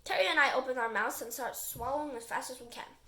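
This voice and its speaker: Woman narrator for a kids' storybook, high and bright, lively delivery. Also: quick pace. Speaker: reader. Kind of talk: children's storybook read-aloud.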